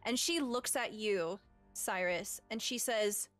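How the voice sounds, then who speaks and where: A woman running a tabletop game as game master, casual and quick to laugh and swear. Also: mid-range voice, a bit bright, soft background music. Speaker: dungeon master.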